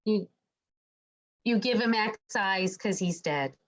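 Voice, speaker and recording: A woman's voice: mid-range voice, lively intonation, takes it slowly, a little hiss or hum. A woman from Canada with a Canadian accent, a guest chatting casually and telling cheerful stories. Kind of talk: casual chat.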